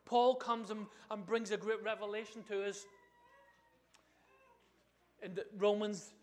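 A man preaching a sermon in an animated way, often asking the congregation questions. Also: high voice, a little slow.

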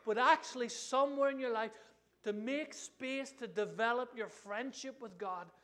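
Guy preaching a sermon, high voice, lively, keeps asking the crowd stuff. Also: normal speed. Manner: animated, asks the congregation questions.

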